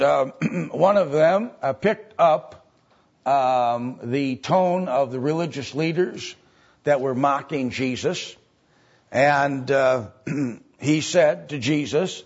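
Male preacher, husky, slow and halting, plain Bible explainer, dull lo-fi recording. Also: medium pitch, a little mellow. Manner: halting, explains step by step, many filler sounds. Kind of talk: sermon.

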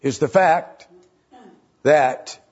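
A middle-aged man preaching a sermon in a conversational way, asking rhetorical questions and jumping up in pitch to stress a point. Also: drawn-out words, a little mellow, husky, dull audio. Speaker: pastor.

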